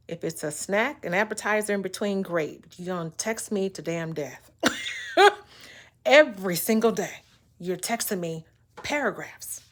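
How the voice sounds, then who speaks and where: A woman vlogger in a casual to-camera monologue, blunt and exasperated. Her voice sits a little low. She punches key words and repeats herself when she gets worked up. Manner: blunt, emphatic, exasperated ranting. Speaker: vlogger giving relationship talk.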